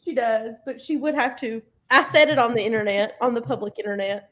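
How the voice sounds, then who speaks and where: A woman with a notably high voice, co-hosting a reading stream in easygoing chat. She teases and jokes her way through the conversation. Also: steady tone, fairly quick, a bit bright. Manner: teasing, laughing banter. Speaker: readathon co-host. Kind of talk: casual chat.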